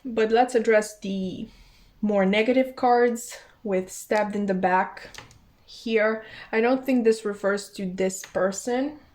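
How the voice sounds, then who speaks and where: A young woman giving a casual tarot reading, taking her time over each card. She talks slowly and in a chatty way, thinks aloud, restarts her sentences and apologizes often, in a voice of middling pitch. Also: a little mellow. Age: young adult. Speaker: tarot reader.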